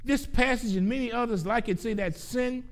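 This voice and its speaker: A man preaching a sermon, earnest and emphatic, repeating key phrases and slowing down to stress quoted scripture. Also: very high voice.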